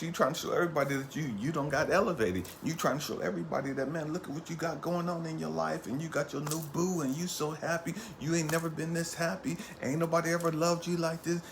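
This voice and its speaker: A man giving an impassioned motivational monologue as a spiritual coach. He talks in a profane, streetwise preaching cadence, repeats his points, and swings from low murmurs to loud bursts. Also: slight background noise.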